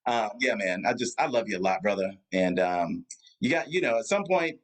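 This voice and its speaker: An animated man with a fairly low voice talks at normal speed, captured in poor audio. He's an American pastor from around Atlanta, a guest on a video call, and his casual chat wanders with plenty of fillers and restarts.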